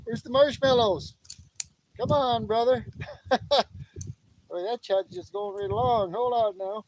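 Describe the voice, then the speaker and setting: A man's voice: very high-pitched, slow pace, no room sound, rough recording. A cheerful, chatty man hosting a casual livestream outdoors at his backyard fire pit at night, greeting viewers by name and laughing often. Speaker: livestream host. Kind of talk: casual live-stream chat. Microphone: camera on a tripod.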